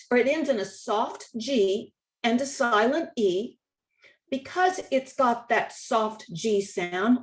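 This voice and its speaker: A woman walks an audience through spelling rules slide by slide, leaning on the key words. Her voice sits a little high and she takes her time, often repeating a point so it sinks in. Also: a little mellow. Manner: slow, deliberate, stresses key words and rules; repeats points for emphasis, occasional restarts. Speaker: state spelling contest director. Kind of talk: slide-based instructional presentation.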